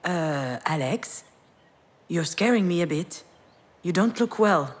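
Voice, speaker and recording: A woman's voice: fairly low pitch, animated, slow. An actress playing a young woman in a visual novel, speaking in a dry, sardonic manner. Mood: wry. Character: young woman, wry and guarded daughter. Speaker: game character.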